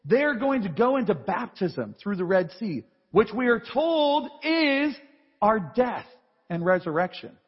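A man's voice: high-pitched, measured pace. A man preaching a sermon in a large church, reading scripture aloud and acting out the voices in the story. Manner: animated, reads scripture then acts out voices. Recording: dull live church feed with long reverb.

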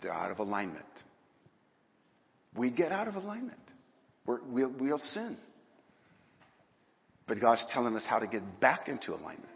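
A male preacher with a mid-range, very animated, creaky voice speaks at normal speed and pauses often. His folksy sermon rises to emphatic bursts, and the recording sounds dull and muffled in a hall with a long echo.

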